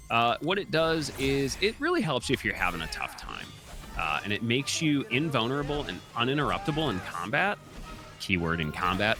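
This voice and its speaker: Lively, bright-voiced male speedrunner. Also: deep voice. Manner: chatty and explanatory, frequent filler ums. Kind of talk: live speedrun commentary.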